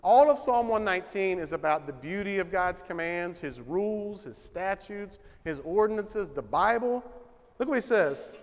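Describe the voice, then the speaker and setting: A man with a high-pitched voice preaches in a conversational, emphatic way, firing rhetorical questions at the room. His voice rings out with a long reverb from the church sanctuary around him. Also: lively intonation, normal speed. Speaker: pastor. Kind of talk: sermon. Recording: reverberant hall.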